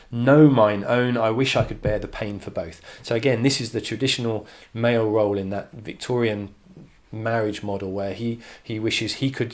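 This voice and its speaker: A man with a slightly low voice talks through a poem as a teacher. He thinks aloud, repeats and restarts his phrases, and reads the quoted lines with stress. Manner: thoughtful, many restarts, reads quotes with emphasis. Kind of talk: poetry analysis lesson.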